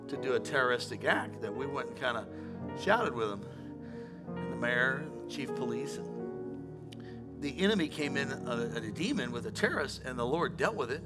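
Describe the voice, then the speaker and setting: A middle-aged man preaching a sermon as pastor, animated, moving between quiet storytelling and shouting. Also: medium pitch. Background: music playing.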